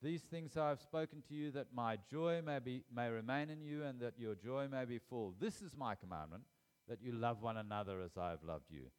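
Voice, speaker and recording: A man preaches a sermon in a mid-range, smooth voice with lively intonation at a moderate pace. He reads scripture aloud emphatically, repeating key phrases and rising sharply in volume to stress them.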